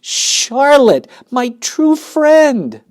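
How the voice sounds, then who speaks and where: A man's voice: very high-pitched, big pitch swings, drawn-out words, darkish tone, pitched above the performer's own voice, exaggerated voice. A man voicing a desperate, emotional young male pig who cries out and pleads. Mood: sobbing. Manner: pleading, crying out.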